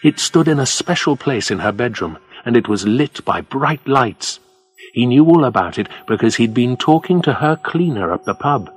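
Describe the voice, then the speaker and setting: A man narrating a story for learners of English, reading in a clear, steady storytelling manner. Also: medium pitch, moderate pace.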